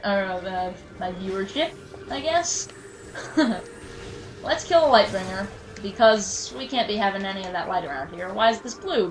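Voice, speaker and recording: In a mid-range voice, a let's play commentator chats casually about her gameplay, poking fun at herself and suddenly lashing out at enemies in mock anger. Game music runs in the background, and the audio is poor.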